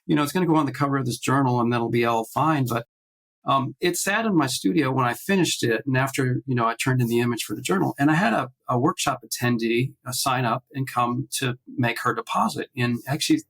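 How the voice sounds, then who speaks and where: A man speaking on a video call as a guest artist, telling stories haltingly with many fillers and restarts, acting out the voices of the people he quotes. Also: medium pitch, gravelly, a bit bright, rough recording. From based in Nashville. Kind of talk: casual interview storytelling.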